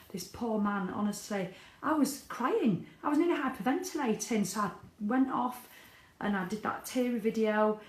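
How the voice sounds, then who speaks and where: A woman's voice: fairly high pitch, normal speed. A middle-aged woman talking candidly in a casual video diary, swearing freely. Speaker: vlogger. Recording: echoey room.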